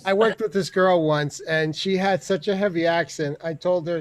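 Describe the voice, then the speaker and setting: A man's voice: high voice, moderate pace, no room sound. A man hosting a comedy open mic over a video call, telling stories with lots of laughter and swearing. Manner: laughs a lot, swears, animated storytelling. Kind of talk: casual comedic chat.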